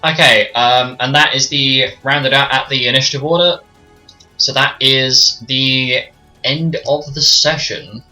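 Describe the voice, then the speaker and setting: In a medium-pitched, sharp voice with fairly even intonation, a man speaks a little slowly as game master of a tabletop game on stream. He narrates attacks and rolls casually, swearing and muttering to himself between turns. The audio is slightly dull, with faint music behind.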